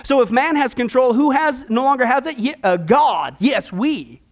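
High-voiced man preaching sarcastically. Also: animated, normal speed. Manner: emphatic and sarcastic, with rhetorical questions. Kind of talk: sermon-style Bible teaching.

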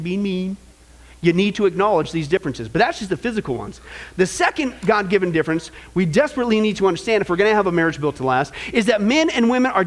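High-pitched, animated male preacher. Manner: energetic, jokey preacher who checks in with the crowd. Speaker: pastor. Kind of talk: sermon teaching on marriage.

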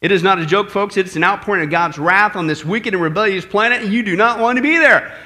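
A man's voice: high-pitched, quick pace. A male pastor preaching a sermon in a church, joking and telling stories as he goes. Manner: joking, lively storytelling preacher.

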